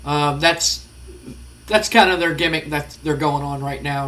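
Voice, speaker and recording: A man's voice: fairly high pitch, fairly even intonation, a little slow, a bit bright. A man giving rambling, casual let's-play commentary, full of fillers. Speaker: gaming channel host.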